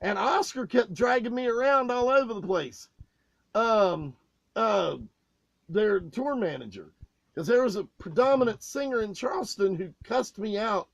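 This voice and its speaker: A man co-hosting a casual podcast, telling profane backstage stories with loud, animated outbursts. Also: high voice, unhurried, creaky. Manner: loud, swearing, animated retelling with raised outbursts.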